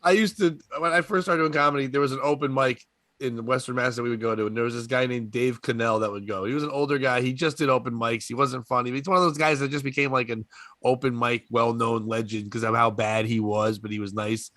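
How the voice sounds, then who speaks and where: A man's voice: mid-range voice, steady tone, fast talker, fairly bright tone, no room sound. A man hosting a casual comedy podcast, telling stories with lots of laughter. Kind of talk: casual chat.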